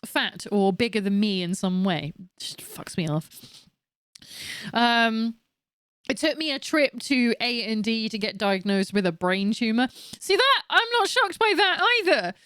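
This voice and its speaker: In her late thirties, a woman streams a game and keeps the chat casual, ranting, joking and swearing frankly with plenty of laughs. Her medium-pitched voice is smooth, with clean studio sound and no echo.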